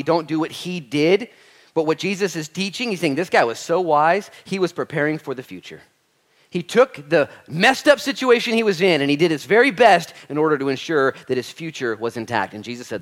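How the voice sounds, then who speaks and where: A man in his thirties, a pastor preaching a Bible study sermon with lively acted-out quotes and humor. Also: medium pitch.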